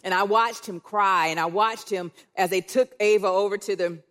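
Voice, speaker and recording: A woman's voice: medium pitch, fairly even intonation, normal speed. A middle-aged woman, giving a conversational sermon and telling family stories with playful asides. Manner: warm storytelling with playful quoted asides. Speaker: church speaker. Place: church auditorium.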